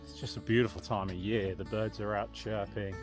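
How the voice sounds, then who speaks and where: A man's voice: fairly low pitch, fairly even intonation, brisk. Man, walking vlog, chatty, thinking aloud, outdoors, faint music. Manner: chatty, thinking aloud, understated British phrasing. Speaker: outdoor vlogger. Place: outdoors on a country lane and hillside.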